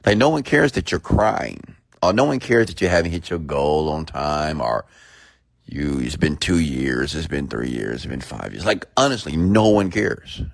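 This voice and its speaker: A man's voice: extremely low pitch, animated, normal speed, creaky, no echo, studio quality. A man giving an emphatic motivational rant full of rhetorical questions. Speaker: motivational speaker.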